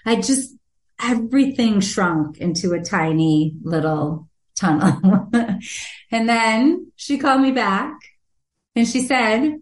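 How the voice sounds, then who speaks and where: A woman guest recounts a personal story in an animated interview. Her voice sits a little high, and she breaks into laughter often. She acts out the voices she quotes, and the room adds a noticeable echo. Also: takes it slowly. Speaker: guest, author.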